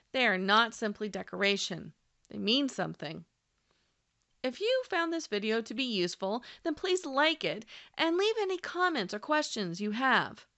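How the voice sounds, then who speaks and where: A woman narrating a scripted language lesson, speaking clearly and deliberately and slowing down to model example words. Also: on the high side, bright, forceful tone. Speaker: language teacher.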